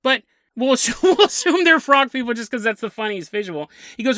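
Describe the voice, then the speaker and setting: Podcast guy narrating a spooky story, chuckly and casual, bright voice, super dry mic. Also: very high voice, animated, fairly quick, dry recording. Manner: chatty and amused, chuckling through the tale. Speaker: podcast host.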